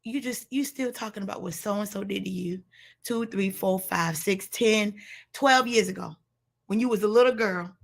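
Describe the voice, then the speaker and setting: A woman's voice: mid-range voice, normal speed, vocal fry. A woman giving a blunt, preachy motivational talk on a live stream, speaking straight to her listeners as sis and y'all.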